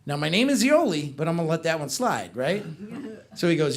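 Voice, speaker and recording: A man's voice: fairly high pitch, brisk. A middle-aged man doing a stand-up comedy set on a club stage, telling stories and joking with the crowd. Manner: animated storytelling with crowd work.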